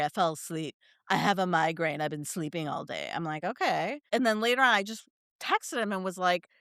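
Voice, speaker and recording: Podcast co-host, woman, lively storyteller, dry close sound. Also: on the low side, no room sound. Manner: animated storyteller, quotes people in put-on voices, laughs often. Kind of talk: casual chat, storytelling.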